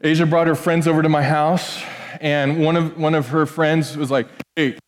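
A man's voice: on the high side, normal speed. A man pastor preaching a casual, joking sermon full of restarts and asides. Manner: conversational, joking, animated with many restarts. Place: church sanctuary. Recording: church hall with long reverb.

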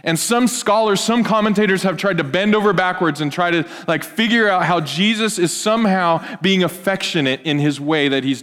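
A man preaching a conversational sermon as pastor, lively and asking his listeners questions. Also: a little high, long reverb tail. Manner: lively, asks the audience questions, acts out quotes.

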